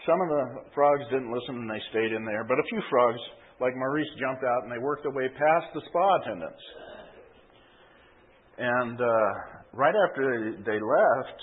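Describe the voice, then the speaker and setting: A man's voice: medium pitch, moderate pace, slightly rough. A man preaching a sermon, telling an illustration story and often adding a checking "okay?". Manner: storytelling with frequent tag "okay?". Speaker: pastor. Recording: tinny phone-like sound.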